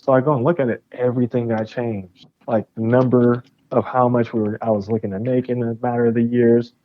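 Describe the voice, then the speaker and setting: A young man, a game studio founder and podcast guest, telling a story with animated, profane energy and acting out both sides of the conversations. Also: medium pitch, quick pace, hardly any pauses, no room sound, lo-fi sound. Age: young adult.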